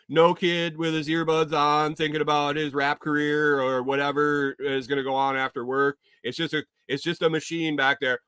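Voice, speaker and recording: A man's voice: fairly high pitch, bright, forceful tone, smooth, dry recording, studio quality. A man hosting a podcast, talking in a rambling, jokey, profane casual monologue. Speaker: podcast host.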